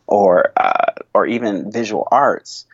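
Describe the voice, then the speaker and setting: A man who is a worship leader speaking in an interview, thoughtful and halting, with frequent restarts and soft laughs. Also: lowish voice, husky, no room sound, lo-fi sound. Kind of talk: reflective interview conversation.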